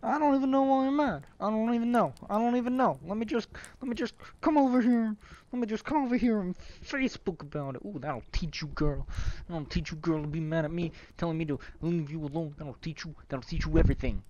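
A man's voice: high-pitched, a little fast, a little mellow, highs cut off, lightly acted. A man voicing an indignant, ranting man with a put-on Brooklyn accent. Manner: ranting, defensive, repetitive.

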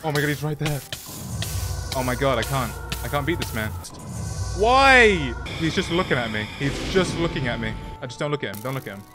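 An excitable young man talks through his video game session with quick jokes and self-mocking remarks. His voice sits at a middle pitch, and faint music plays underneath. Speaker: gaming YouTuber. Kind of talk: playthrough commentary with voice-over narration.

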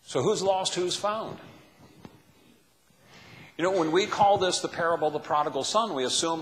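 A man's voice: a little high, normal speed, pauses often, fairly bright tone, a little hiss or hum. A man preaching a sermon as a pastor, asking the listeners question after question. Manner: asks the listeners many questions. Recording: long hall reverb.

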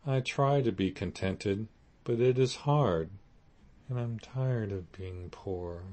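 A man reading an audiobook voices a remorseful young wife, pitching his deep voice up and pleading. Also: expressive, slow, a little mellow.

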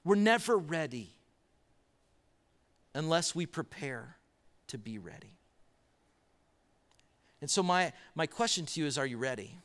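A male pastor delivers a sermon, slowing into stories and stacking up rhetorical questions for the congregation. His voice sits a little high for a man and carries a long reverb from the church hall. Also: big pitch swings, a bit bright. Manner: storytelling with pauses and rhetorical questions. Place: church auditorium.

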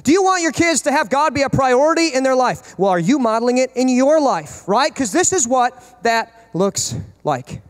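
A man's voice: very high voice, big pitch swings, moderate pace. A man in his thirties preaching a sermon as pastor, emphatic and full of rhetorical questions.

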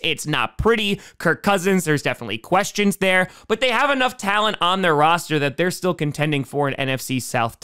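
Wisecracking high-voiced male sports commentator. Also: smooth. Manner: animated and wisecracking, jumping between highs and lows. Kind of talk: comedic NFL prediction monologue.

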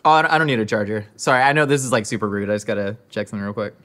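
A man's voice: fairly low pitch, very fast, fairly bright tone. Rambling awkward man at dinner. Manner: rambling, filler-heavy, awkward small talk. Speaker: host. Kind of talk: scripted comedy monologue to camera.

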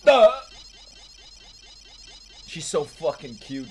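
A young man reacts to anime in casual commentary, swearing freely and breaking into laughs. His voice leaps around a lot but he talks at an unhurried pace. Faint music plays behind him. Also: mid-range voice, very animated, fairly bright tone. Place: his room at home.

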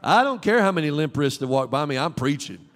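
A man preaching a sermon as pastor, fervent, with call-and-response prompts to the congregation and swings between loud exclamations and quiet asides. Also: fairly high pitch, sing-song, fairly quick, big-room sound. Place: church sanctuary.

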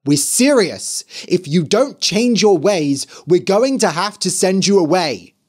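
A man's voice: high-pitched, animated, measured pace, pitched above the performer's own voice. A man voicing a devout father who speaks firmly and seriously. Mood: stern.

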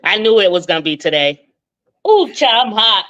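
Bright-voiced woman from Boston, forties. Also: medium pitch, sing-song, normal speed, lo-fi sound. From Boston, Massachusetts. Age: 40s. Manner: chatty, talks over the host, laughs often. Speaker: caller. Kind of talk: casual call-in chat.

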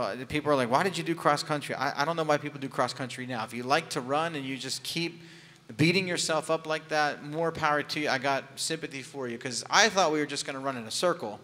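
A man's voice: medium pitch, bright, forceful tone. A man preaching a sermon as a pastor, telling a personal story in a candid, conversational way with touches of humor. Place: church sanctuary. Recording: long hall reverb.

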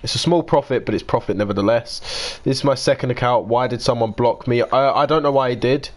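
Mid-stream, a British nineteen-year-old answers viewers by name in easygoing chat, swearing and grumbling as he plays. He speaks fairly quickly at a medium pitch.

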